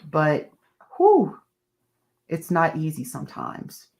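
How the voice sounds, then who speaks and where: A woman with a low-pitched voice talks as a podcast guest. She tells candid stories in a lively, animated way, keeping the chat casual. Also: slow, vocal fry.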